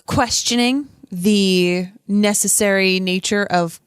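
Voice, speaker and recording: A woman co-hosting a podcast chats casually and fills her sentences with fillers. Her voice sits at a middle pitch and sounds dry and close to the mic, with no room echo. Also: slow, clean tone. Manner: chatty, many fillers. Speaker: podcast co-host. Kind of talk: casual chat.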